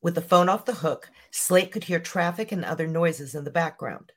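A podcast host reading a scripted true-crime story in an even, measured way. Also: medium pitch.

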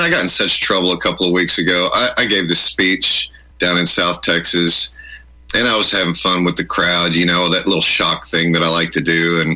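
A man talking as a guest in an interview, with a very bright, forceful voice that carries a husky edge. He tells stories emphatically and often repeats himself as he builds his point. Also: sits low, low-quality recording. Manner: emphatic, storytelling, repeats words. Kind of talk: conversational interview.

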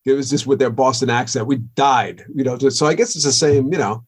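A man's voice: medium pitch, fairly quick, breathy edge. A man, a rock drummer telling stories and joking as a podcast guest. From Long Island, New York. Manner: joking, storytelling, laughs easily. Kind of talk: casual interview chat.

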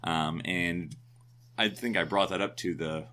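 A man's voice: low voice, fairly even intonation, a little slow, sharp tone, slight background noise. A man in his forties, co-hosting a podcast in casual chat, rambling and correcting himself as he goes. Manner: rambling, self-correcting, chatty. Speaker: podcast co-host.

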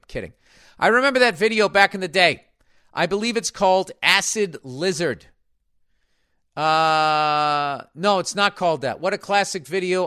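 A man's voice: a little high, pushed and bright, no room sound, studio quality. A man hosting a podcast as a comedian, reading listener mail in crude, joking, rambling chat.

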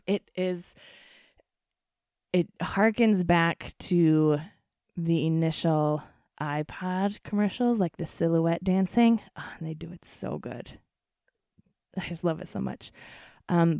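A woman hosting a podcast in casual chat, gushing and excitable, swearing freely and full of fillers. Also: sits low, no room sound, studio quality.

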